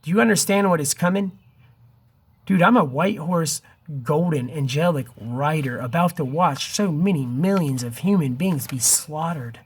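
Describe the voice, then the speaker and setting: In an impassioned direct-to-camera vlog, a man in his fifties with a fairly high, breathy voice pleads urgently with viewers at a moderate pace. His voice wavers near tears, and he keeps saying "dude" and "man."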